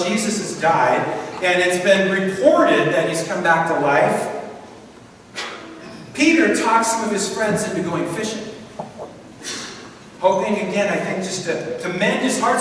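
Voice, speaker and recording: A man's voice: high-pitched, a bit bright. A middle-aged man, a pastor, preaching a sermon and telling the story vividly, acting out the voices of its people. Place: large church hall. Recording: echoey hall from far off, faint noise.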